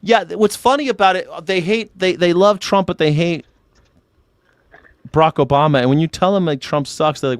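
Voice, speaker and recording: A man hosting a casual political chat show, rambling, sarcastic and quick to swear. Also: high voice, no echo. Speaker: host.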